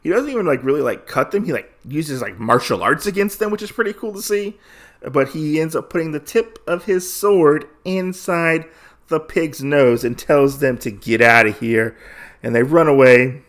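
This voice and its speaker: A podcast host with a fairly high, slightly bright voice recaps a comic book in a casual, rambling way, full of fillers and restarts. He acts out the characters' lines in quick voices.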